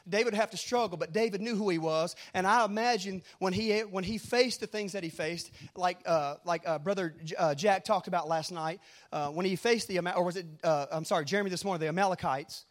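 In a high voice, a middle-aged preacher wanders through his sermon, swinging between quiet storytelling and shouted urging.

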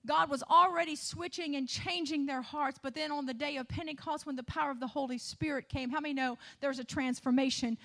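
High-voiced woman preaching emphatically. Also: steady tone, a little fast, hardly any pauses, bright, forceful tone. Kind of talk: sermon.

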